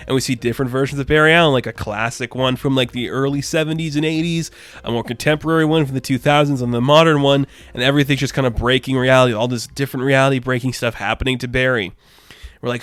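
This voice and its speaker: A young man excitedly recapping a comic book in a casual chat, laughing often and acting out characters' lines in playful voices. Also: mid-range voice, a little fast, no room sound. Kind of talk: casual recap with acted-out quotes.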